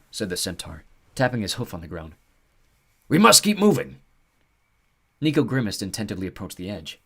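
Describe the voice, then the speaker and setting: A man narrating an audiobook with an expressive storytelling delivery. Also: fairly low pitch.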